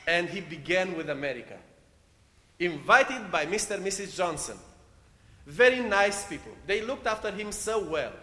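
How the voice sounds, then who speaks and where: A man from Romania with a Romanian accent, preaching a sermon and telling a story in short, deliberate phrases with non-native phrasing. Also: high-pitched, a bit bright. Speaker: preacher leading a meditation. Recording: echoey hall with long reverb.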